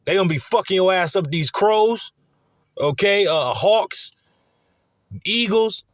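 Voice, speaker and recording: Excitable, profane man preaching. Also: high voice, slow pace, no room sound, studio quality. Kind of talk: profane casual sermon.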